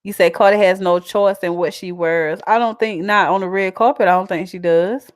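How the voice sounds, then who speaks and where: A woman's voice: medium pitch, normal speed, no room sound, studio quality. Chatty woman with South Carolina twang. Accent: South Carolina country twang. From South Carolina, USA. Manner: chatty, animated, laughs often. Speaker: vlogger. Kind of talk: casual chat reading viewer comments.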